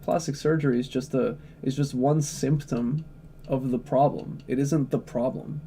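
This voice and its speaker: Male streamer, blunt and sweary, gravelly low-key voice, mellow tone, casual live chat. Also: fairly even intonation, normal speed, slight background noise. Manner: blunt, profane, opinionated. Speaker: livestreamer.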